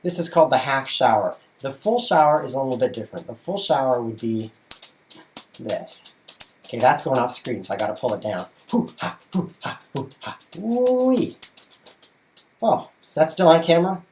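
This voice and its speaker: A man's voice: mid-range voice, expressive, a little fast, darkish tone, soft background music. A man hosting a casual livestream from his bedroom, jokey and playful, talking through what he does as he juggles. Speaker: chess streamer and show host. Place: bedroom at home.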